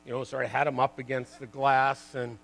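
A man in his sixties, a former pro hockey player, telling lively stories to an audience, full of "you know" and "like" and laughing at his own tales. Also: mid-range voice, brisk, gravelly, rough recording. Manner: chatty, lots of "you know" and "like". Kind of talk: storytelling talk to an audience.

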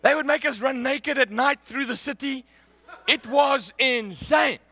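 A man preaching a sermon, telling a personal story in an animated way and laughing often. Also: very high voice, measured pace.

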